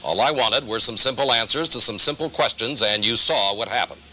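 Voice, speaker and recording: A man reporting TV news in a measured, indignant tone. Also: medium pitch, sharp tone, poor audio.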